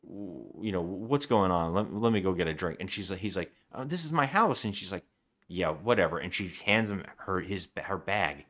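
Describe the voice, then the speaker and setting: A man's voice: low-pitched, normal speed, fairly bright tone. A man co-hosting a casual podcast, retelling a film's scenes and acting out the characters' lines as he goes. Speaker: podcast co-host. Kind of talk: casual movie-review chat.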